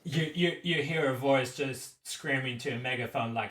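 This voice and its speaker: A man narrating a tabletop game as game master, slow and halting, with many restarts. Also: mid-range voice, a bit bright, distant mic. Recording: roomy echo, a bit off-mic.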